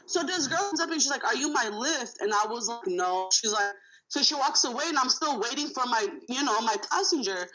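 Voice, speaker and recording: A high, bright woman tells a story as a rideshare driver, cursing freely and slipping into the voices of the people in it. Her voice sits well up in pitch, with a sharp, forward edge. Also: fairly quick, low-quality recording. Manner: profane, animated, acts out dialogue. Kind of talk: casual roundtable storytelling.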